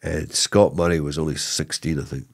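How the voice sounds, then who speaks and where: Low-voiced man telling rambling football stories. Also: moderate pace, vocal fry. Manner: animated, rambling, lots of repeated starts and "you know what I mean". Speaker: guest, former footballer. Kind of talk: casual interview storytelling.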